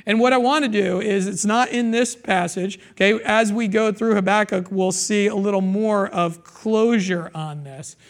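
A man with a notably high voice preaches to his congregation. He talks casually and jokes with the listeners, often checking in with "okay?" and slowing down to repeat the key lines. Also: steady tone. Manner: repeats key phrases, slows down for emphasis. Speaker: pastor. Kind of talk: sermon.

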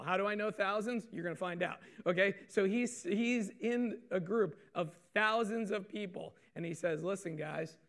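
Male pastor, high gravelly voice, casual repetitive preaching style with questions to the room. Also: a bit bright. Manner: conversational, repeats phrases, asks the audience questions. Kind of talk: sermon.

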